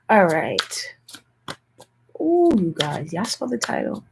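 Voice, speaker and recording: A young woman tarot reader chatting casually with viewers in a hushed, half-whispered voice, often calling out to them directly. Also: mid-range voice, big pitch swings, takes it slowly, creaky, long pauses, noisy background. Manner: chatty, keeps addressing viewers as "you guys". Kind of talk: casual livestream tarot chat.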